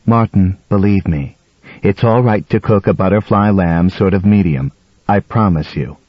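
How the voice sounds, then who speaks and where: A man voicing an insistent, sharp-tongued wife hosting a dinner, in a dull, dry audiobook recording. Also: low-pitched, moderate pace, no echo.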